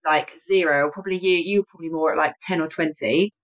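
A woman's voice: sits low, steady tone, quick pace, poor audio. A woman hosting a podcast, chatting casually and chiming in with sympathetic comments. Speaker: podcast host. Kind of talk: casual interview chat.

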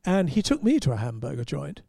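A man's voice: fairly high pitch, wildly swooping pitch, fairly quick, creaky, mellow, slightly rough, no room sound, clean studio sound. An English man, a motorsport journalist, telling wry, rambling anecdotes with restarts in casual podcast talk. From England.

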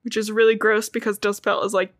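A young woman hosting a podcast, recapping a book in casual chat, talking fast with lots of "like". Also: medium pitch, little pitch movement, no room sound. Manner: chatty, fast, frequent "like" and laughs. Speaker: podcast host.

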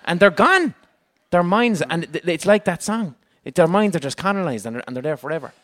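The high-pitched Irish man speaks a little fast as he hosts a live comedic podcast conversation for an audience. Expect plenty of swearing, lively energy, and frequent laughter.

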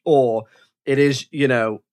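A man talks through a film in a relaxed podcast chat, mid-pitched and plain. He gathers his thoughts as he goes, restarting sentences and leaning on fillers. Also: takes it slowly. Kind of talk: casual film discussion.

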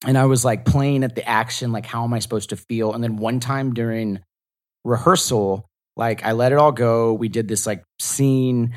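Male podcast guest from the South, mid-pitched, loose and rambling delivery. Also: steady tone, moderate pace. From the American South. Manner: rambling, full of fillers and restarts. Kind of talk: casual interview chat.

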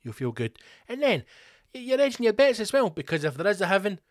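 A man's voice: high voice, very animated, fast, no room sound, clean studio sound. A Scottish man hosting a comedy podcast, rambling through sweary, jokey asides. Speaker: podcast host.

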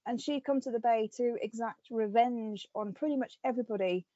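Woman podcast host, lively storyteller, dry close sound, slightly muffled. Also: a little high, a little fast, no room sound. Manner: animated storytelling with lots of fillers. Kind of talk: casual chat.

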